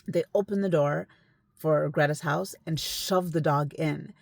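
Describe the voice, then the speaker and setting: Low-voiced woman telling a story. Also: a little slow, vocal fry, no room sound. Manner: conversational, emphatic, sometimes hushed. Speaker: esthetician telling a client's story. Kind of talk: casual storytime.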